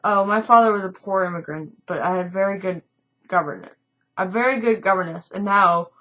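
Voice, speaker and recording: A woman's voice: medium pitch, brisk, pushed and bright, muffled recording, natural voice. A woman voicing a carefree, jokey wealthy young man who teases breezily in a story game. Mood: teasing.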